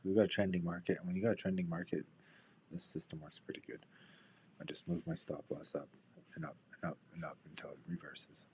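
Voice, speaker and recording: Low-voiced man muttering over trades. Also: level tone, quick pace, darkish tone, a little hiss or hum. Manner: rambling, profane, muttering asides to himself; drops into whispers. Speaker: day trader. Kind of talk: casual trading commentary with personal stories.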